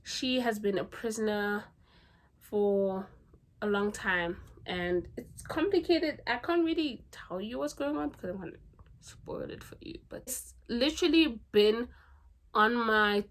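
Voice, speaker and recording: A woman's voice: mid-range voice, a little slow. A woman talks through her favorite books in a loose, chatty vlog. She gushes, leans on fillers and repeats herself for emphasis, and her voice sits in an ordinary middle range. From South Africa. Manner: gushing, chatty, lots of "like" and "legit". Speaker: book vlogger. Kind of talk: casual book review vlog.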